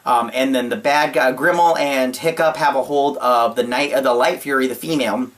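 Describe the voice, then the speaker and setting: A man hosting his own channel, giving a casual spoken movie review in a gushing, excitable way, with a lot of uh and like fillers. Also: mid-range voice, moderate pace.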